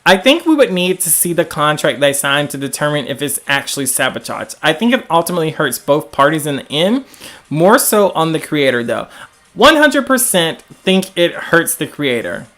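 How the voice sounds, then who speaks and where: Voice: medium pitch, very animated, normal speed, a bit bright, soft background music. A host with a Southern US accent in casual live commentary, chatting loosely and answering viewer comments, with lots of "like" fillers. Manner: frequent "like" fillers. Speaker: streamer commenting on news.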